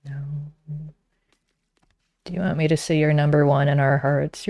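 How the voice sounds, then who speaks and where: A woman's voice: sits low, little pitch movement, unhurried, darkish tone, dry recording. A woman streaming a game, chatting casually and teasing her viewers.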